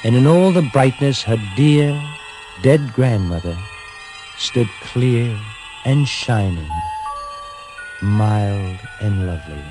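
A man telling a fairy tale in a gentle, dramatic storytelling reading with hushed pauses. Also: medium pitch, expressive. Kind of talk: scripted narration of a fairy tale. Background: music.

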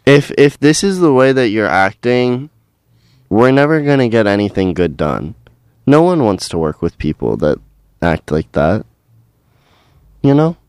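A young man co-hosting a college radio show, chatting casually and telling stories with animated indignation. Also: mid-range voice, measured pace, long pauses, clear, resonant tone, no echo, studio quality. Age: young adult. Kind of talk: casual chat.

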